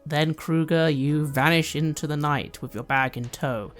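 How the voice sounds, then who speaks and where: A game master narrating a tabletop roleplaying game and giving the players direction briskly. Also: female voice, sits low, steady tone, faint music behind.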